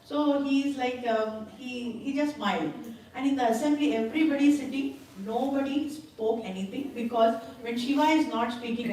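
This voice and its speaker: A woman's voice: a little high, brisk, a little mellow, a little hiss or hum. A woman giving a scripture class in a temple hall, retelling a story with acted quotes and bursts of laughter. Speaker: spiritual class speaker. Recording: very echoey hall, voice from far off.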